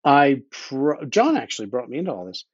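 A man's voice: medium pitch, sing-song, fairly quick, slightly rough, no echo. Man, podcast guest, blunt and opinionated, hiccuping, dry and dull remote sound. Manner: blunt, opinionated, swears, frequent restarts. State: has the hiccups. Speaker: podcast guest, underwater explorer. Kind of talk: casual conversational interview.

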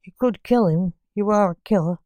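A woman's voice: medium pitch, normal speed, mellow, dry recording, lightly acted. A woman voicing the king of the grim reapers, a worried father asking his son what is wrong. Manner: worried, concerned.

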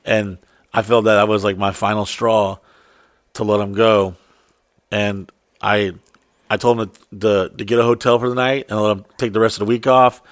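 A man telling a wild story in casual, profane chat, acting out quotes in high voices. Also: flat delivery, brisk, dry recording, studio quality. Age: adult.

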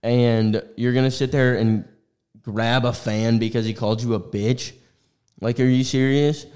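A man's voice: mid-range voice, steady tone, unhurried, a little mellow. A young man co-hosting a sports podcast, talking bluntly and swearing freely in casual chat. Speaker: podcast co-host.

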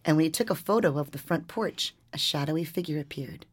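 A woman reporter, a regular on the podcast, reading and then telling a ghost story in a lively, animated way. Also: deep voice, fairly quick, breathy edge. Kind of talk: storytelling and casual chat.

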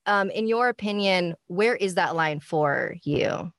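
A woman's voice: on the low side, measured pace, fairly bright tone, no room sound, clean studio sound. A woman guest on a podcast who makes spooky videos, talking enthusiastically with frequent laughs and "like" fillers. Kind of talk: casual podcast chat.

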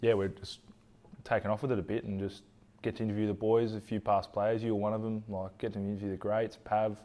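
Laid-back Australian man, low voice. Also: level tone, quick pace, mellow. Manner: laid-back, rambling, restarts phrases. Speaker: guest, former footballer. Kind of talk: casual chat.

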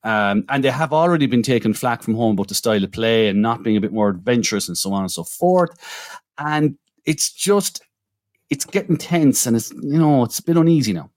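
A man's voice: medium pitch, lively intonation, fairly quick, a little mellow, no room sound, studio quality. A man co-hosting a podcast in casual chat, recounting match events at length. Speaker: podcast co-host.

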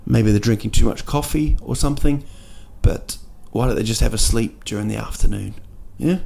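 Vocal fry and a dark tone mark this man's low-side voice, which runs at a normal speed. He hosts a casual solo podcast from an indoor city room at night, joking and rambling with lots of restarts and filler words.

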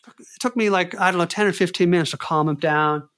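A man telling a personal story, acting out his own panicked words in a raised voice. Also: fairly quick. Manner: animated, acts out panicked quotes in a high voice. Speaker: storyteller guest. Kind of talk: casual spoken storytelling.

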